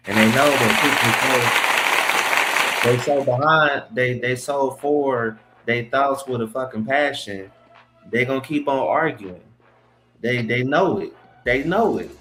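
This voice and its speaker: A man's voice: medium pitch, a bit bright, poor audio. Man ranting heatedly in casual chat. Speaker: podcast co-host.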